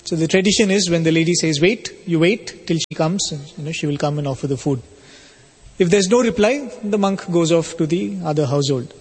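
A man telling a spiritual story as a sermon, in a measured, explanatory way. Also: a little high, slightly rough. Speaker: spiritual speaker. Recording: long hall reverb.

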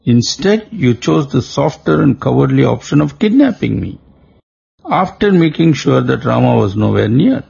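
A man reading the lines of a defiant, virtuous captive princess in a slow, stern and measured way, heard on a dull lo-fi recording. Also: mid-range voice, big pitch swings, gravelly, a little mellow, breathy edge, exaggerated voice.

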